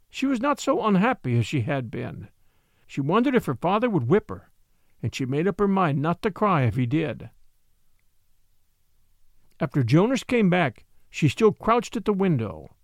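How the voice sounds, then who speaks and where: A man narrating a classic short story, reading in an expressive, measured way. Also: on the high side, creaky, dry recording, clean studio sound. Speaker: narrator and podcast host.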